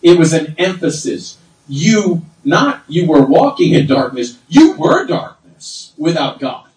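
A middle-aged man preaching a sermon, swinging between low asides and loud, high exclamations. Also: sing-song, unhurried. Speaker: pastor. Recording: roomy sound from far off.

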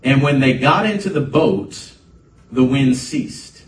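A man's voice: medium pitch, animated, takes it slowly, slight background noise. A man preaching a conversational sermon as a pastor, building to emphatic bursts. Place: church sanctuary. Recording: echoey room, voice from a distance, faint ambience.

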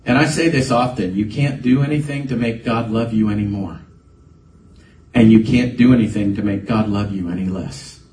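A man's voice: lowish voice, normal speed, darkish tone, a little hiss or hum. A man preaching a conversational sermon as a pastor, building to emphatic bursts. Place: church sanctuary. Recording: echoey room, voice from a distance, faint ambience.

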